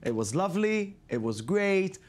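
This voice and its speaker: A man presents a tech news roundup with a fairly high, lively voice. He reads the script briskly and drops in dry, sarcastic quips between the stories. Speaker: news show host. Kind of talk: scripted news segment with jokey asides.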